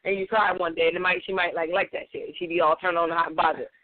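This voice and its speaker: A woman's voice: on the low side, flat delivery. A woman co-hosting a casual radio talk show, giggly and candid, speaking on a tinny phone-like recording. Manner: giggly, candid, fast-talking. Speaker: co-host.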